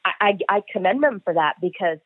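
A high-pitched male voice moves quickly through an interview chase story from his work as a bail enforcement agent. Animated throughout, he dramatizes the dialogue with "I'm like," and the recording is a dry, echo-free, tinny phone line.

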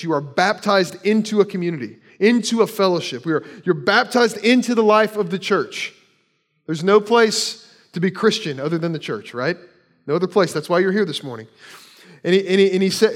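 A man preaching a sermon as a church pastor, conversational, with rhetorical questions and casual asides. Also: high-pitched.

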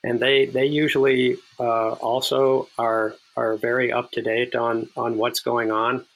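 A man's voice: medium pitch, flat delivery, a little slow, vocal fry, fairly bright tone, poor audio. A man being interviewed as a policy analyst on a podcast, speaking earnestly with frequent restarts and repeated words.

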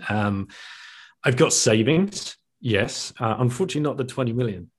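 A man's voice: mid-range voice, expressive, normal speed, slightly rough. A middle-aged man, a guest author, telling his story candidly in a reflective conversational way, often restarting and laughing. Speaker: guest, author and podcast host.

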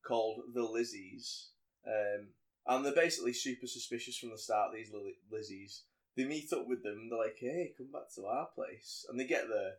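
A man's voice: medium pitch, a little fast. A man co-hosting a podcast, casually retelling a film scene by scene and acting out the characters' lines in voices. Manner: animated storyteller, acts out quotes in voices. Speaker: podcast co-host. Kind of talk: casual chat recapping a film.

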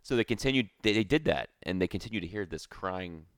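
A man with a very low voice chats casually on a podcast, rambling and calling his co-host dude. The sound is dry and close. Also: lively intonation, fast, no room sound. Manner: rambling, peppers talk with dude. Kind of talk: casual comedic chat.

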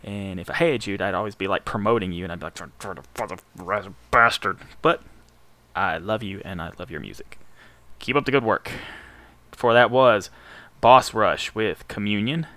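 A man's voice: fairly low pitch, moderate pace, fairly bright tone. A male radio host with a Southern accent, back-announcing punk songs in a casual, profane, joking manner.

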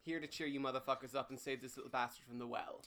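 A man's voice: mid-range voice, steady tone, fast, fairly bright tone. A man playing a tabletop game, brash, jokey and full of swearing. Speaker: player. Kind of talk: casual podcast chat.

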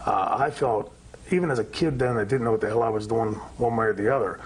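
A man's voice: medium pitch, quick pace, slightly rough, poor audio. A man in an archive interview clip, speaking earnestly and hesitantly with many fillers. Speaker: interviewed wrestler.

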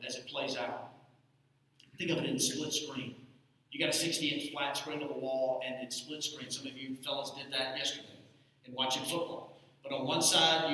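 Bright-voiced preacher in an echoey church. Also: male voice, mid-range voice. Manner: preaching with the congregation. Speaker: pastor. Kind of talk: sermon. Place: church sanctuary. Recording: echoey church hall from a distance.

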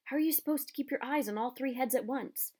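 A woman's voice: high voice, quick pace, mellow, pitched above the performer's own voice. A woman doing a curt, spiteful male teacher. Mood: irritated. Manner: cold, curt, snapping. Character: sharp-tongued male schoolteacher, spiteful.

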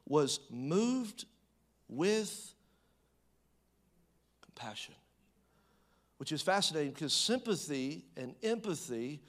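Emphatic preacher, hushed then booming. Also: male voice, sing-song, takes it slowly, long pauses. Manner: swings between loud emphatic bursts and hushed low reading; conversational asides and restarts. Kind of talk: sermon.

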